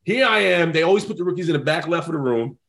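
A man, a former football player and guest, telling a story in a casual, animated way, swearing freely. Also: a little high, fast talker.

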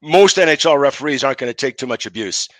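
A middle-aged man, a former referee, telling lively anecdotes on a podcast and acting out the quotes. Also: medium pitch, quick pace, no echo, low-quality recording. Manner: animated anecdotes, acts out quotes. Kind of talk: casual storytelling on a podcast.

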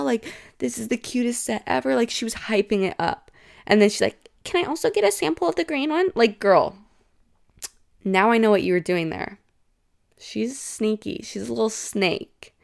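A young woman hosting a casual podcast, talking in a gossipy, reactive way with lots of "like" filler. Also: mid-range voice. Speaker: podcast host.

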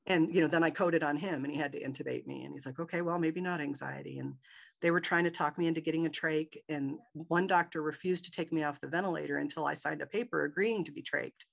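A woman's voice: sits low, fairly even intonation, fast, creaky. A woman guest in an interview, telling a personal story with animation and acting out the dialogue in a raised voice.

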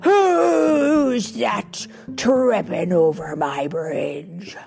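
A woman voicing a big, grumpy male troll who roars slow, drawn-out threats in a storybook reading. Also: mid-range voice, creaky, darkish tone, soft background music. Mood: roaring.

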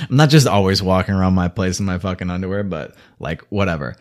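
A man's voice: deep voice, fairly quick. Angry man on a profane rant. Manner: angry, heavy swearing, sarcastic.

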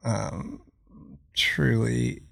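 A man's voice: mid-range voice, sing-song, very slow, gravelly, a bit bright. A man who surfs and makes films, talking as a podcast guest in a loose, rambling way, full of fillers and restarts. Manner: rambling, searching for words, many fillers. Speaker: podcast guest, surfer and filmmaker. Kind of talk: casual podcast conversation.

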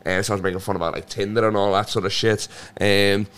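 A man's voice: fairly low pitch, level tone, quick pace, fairly bright tone, clean tone. A man, a comedian guest on a podcast, telling a rambling, profane anecdote with lots of restarts. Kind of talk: casual podcast storytelling.

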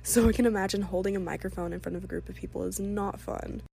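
A young woman talks casually to her viewers in a mid-pitched voice. She leans on "like" and breaks into small giggles while reading out and reacting to viewers' stories. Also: fairly even intonation, fast talker, creaky, dark tone, slight background noise. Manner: chatty, filler-heavy with frequent "like", giggly. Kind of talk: casual chat.

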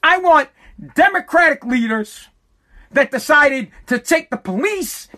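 A woman's voice: high voice, animated, measured pace, sharp tone. A woman from the United States giving an angry, profane political rant. She is sarcastic and repeats words when she gets worked up. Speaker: political commentator.

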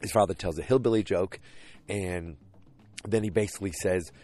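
A man's voice: deep voice, moderate pace, darkish tone. A man casually recapping a TV episode, rambling along with lots of fillers and restarts.

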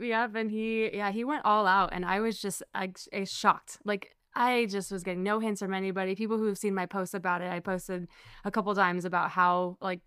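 Young woman gushing on a podcast, smooth clear voice, dry mic. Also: medium pitch, dry recording. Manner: excited, bubbly storytelling. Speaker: podcast co-host. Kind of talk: casual chat.

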